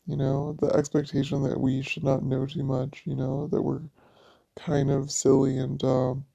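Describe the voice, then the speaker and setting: A woman's voice: very deep voice, completely flat delivery, normal speed, warm tone. A woman in a personal vlog monologue, venting in a raw, profane way. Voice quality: gravelly vocal fry. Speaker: vlogger. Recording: dull lo-fi audio.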